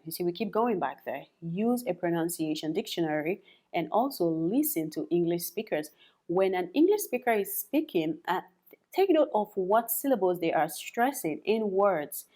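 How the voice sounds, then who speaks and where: A woman's voice: on the low side, a little mellow. A young adult woman teaching English in a chatty spoken lesson, repeating words for practice and laughing often.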